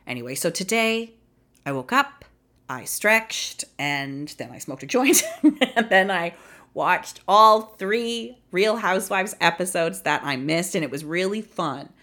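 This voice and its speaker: A woman's voice: fairly low pitch, measured pace, bright, forceful tone. A young woman from Canada hosting a casual solo podcast, rambling and chatty with frequent swearing, sounding tired. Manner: rambling, chatty, profane, self-deprecating. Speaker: podcast host.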